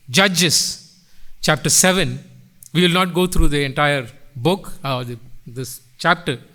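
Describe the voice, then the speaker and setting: A middle-aged man preaching a sermon in church, with sweeping swells and drops in pitch and loudness. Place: church sanctuary.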